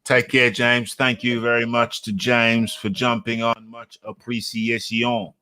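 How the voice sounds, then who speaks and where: A man's voice: medium pitch, little pitch movement, measured pace, pushed and bright, clear, resonant tone, no room sound. A British man hosting a live boxing talk stream, reading comments aloud and rambling and correcting himself as he scrolls.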